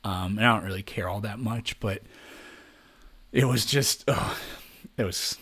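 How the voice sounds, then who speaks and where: A man's voice: fairly low pitch, measured pace, a bit bright, breathy edge. A man on a podcast telling a long story in casual chat, rambling and swearing freely, jumping into raised voices to act out other people. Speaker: podcast co-host.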